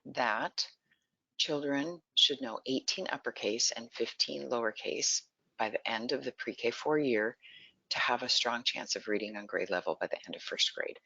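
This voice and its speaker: A presenter walks listeners through early literacy in an online webinar, keeping the tone bright and forceful. The delivery is patient and explanatory, with frequent questions to the audience. The sound is dry and close, a little dull and lo-fi. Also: medium pitch, creaky, breathy edge, no room sound. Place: lives in Texas.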